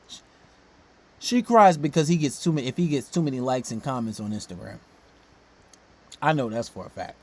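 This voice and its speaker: A man giving casual reaction commentary, blunt and profane, swinging from low mutters to loud outbursts. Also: slightly rough.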